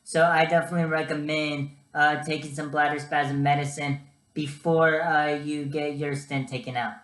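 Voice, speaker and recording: A man's voice: a little high, normal speed, echoey room, a little hiss or hum. A young man giving casual vlog advice, chatty and full of ums and uhs. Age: young adult. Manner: chatty, lots of ums and uhs, animated storytelling. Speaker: student vlogger.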